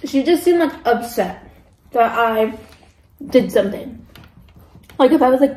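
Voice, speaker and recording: A woman's voice: high voice, expressive, normal speed, long pauses, a little mellow, reverberant, poor audio. A young woman vlogging casually while eating, ranting about pet peeves with lots of fillers. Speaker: mukbang vlogger.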